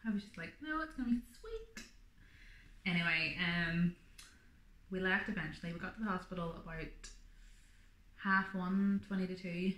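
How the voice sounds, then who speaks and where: A woman's voice: lowish voice, level tone, normal speed, a bit bright, reverberant. A woman vlogger telling her birth story in a chatty, rambling way, full of fillers. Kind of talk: casual birth story vlog.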